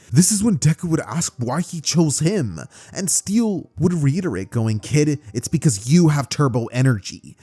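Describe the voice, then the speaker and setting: A man's voice: on the high side, warm tone. A man telling a fan-made story in a casual, rambling, conversational way, with plenty of fillers.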